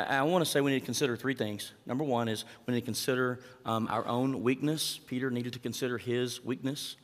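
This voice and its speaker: A male pastor preaching a conversational sermon, asking the congregation questions and acting out quotes. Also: medium pitch. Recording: long hall reverb.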